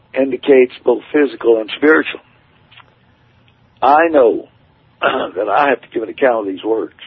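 A man's voice: medium pitch, husky, dry recording. A man preaching his testimony in an earnest, emphatic storytelling manner. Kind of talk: testimony sermon. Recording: tinny phone-like radio broadcast.

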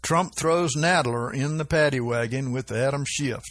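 A man preaching informally about prophetic dreams, with frequent chuckles and a slow, drawling delivery. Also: medium pitch, fairly bright tone. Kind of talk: informal religious teaching.

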